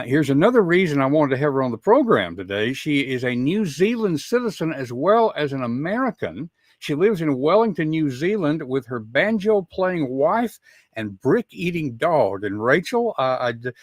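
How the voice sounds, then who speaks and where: A man's voice: on the high side, sing-song, moderate pace, dry recording, clean studio sound. A man with a Southern US accent hosting an interview podcast, chatty and folksy, often repeating words as he gets going. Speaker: podcast host. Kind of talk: casual interview chat.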